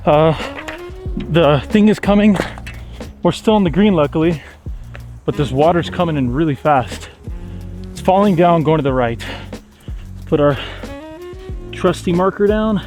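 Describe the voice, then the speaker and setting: A man's voice: fairly high pitch, expressive, a little slow, pauses often, darkish tone, faint music behind. A man commentating his own round on an outdoor golf course, exclaiming after shots and sometimes out of breath. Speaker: golf vlogger.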